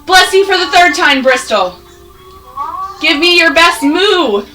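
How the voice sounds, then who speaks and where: A woman teaching first graders an online phonics lesson, patient and encouraging, sounding words out slowly. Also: very high voice, lively intonation, sharp tone, distant mic, soft background music, poor audio.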